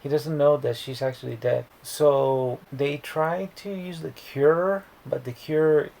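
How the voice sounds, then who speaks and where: A man's voice: on the high side, steady tone, slow pace, creaky, darkish tone, low-quality recording. A man casually recapping a movie plot in a rambling, profane way, often restarting words. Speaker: movie reviewer.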